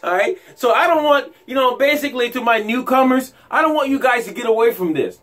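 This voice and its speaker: A man, a bass player talking casually to camera, animated, laughing often and repeating words. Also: brisk.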